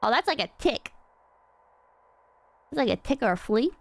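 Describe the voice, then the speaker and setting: A woman streaming a horror game, chatting excitably and rambling, swearing freely as she plays. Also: fairly high pitch, moderate pace, vocal fry, no echo. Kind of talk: casual game stream chat.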